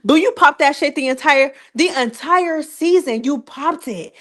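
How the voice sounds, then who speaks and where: A woman's voice: sits high, a little slow, fairly bright tone. A young woman hosting a live-stream recap, talking in a casual, slangy way and teasing with repeated rhetorical questions.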